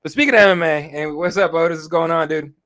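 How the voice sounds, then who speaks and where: A man in his thirties rambles through a family story on a podcast, swearing freely as he goes. His voice sits a bit higher than most men's. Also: fast, a bit bright. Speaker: podcast co-host. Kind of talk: casual chat.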